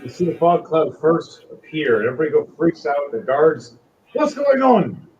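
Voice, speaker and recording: A man's voice: on the high side, brisk, highs cut off, slight background noise. A man narrating a tabletop game as its game master, telling the story with energy. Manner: animated storytelling.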